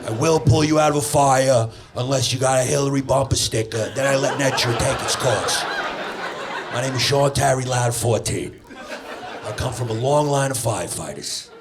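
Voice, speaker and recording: A man's voice: medium pitch, normal speed, background noise, close to an everyday voice. A man playing a brash firefighter dad. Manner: brash, crude, small-minded. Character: blunt Irish Catholic firefighter dad from Queens. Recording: live club with crowd laughter.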